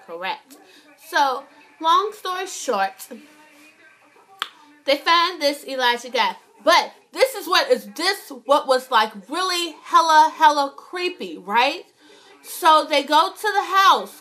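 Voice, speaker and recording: A young woman vlogging a casual, animated TV recap, swearing a lot and often asking "right?". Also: fairly high pitch.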